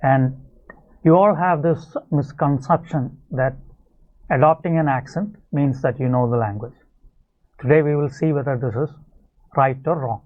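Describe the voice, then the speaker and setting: A man teaching an English video lesson, explaining clearly and speaking straight to his viewers. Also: mid-range voice, moderate pace, long pauses. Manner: explanatory, addresses viewers directly. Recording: tinny phone-like sound.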